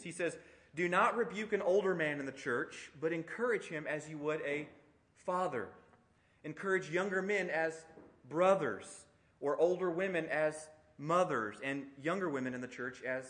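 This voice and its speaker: A middle-aged man delivers a sermon with a somewhat higher-than-usual voice. He teaches in an explanatory, conversational way, leaning into emphatic points and asking the listeners rhetorical questions. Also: a bit bright. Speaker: pastor.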